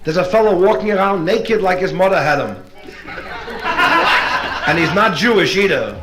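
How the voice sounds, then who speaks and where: Cranky hotel lady griping at the manager, a guy doing her voice, kinda high. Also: expressive, normal speed, reverberant, over a noisy crowd, heavy background noise. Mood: indignant. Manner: complaining, insistent. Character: indignant woman hotel guest.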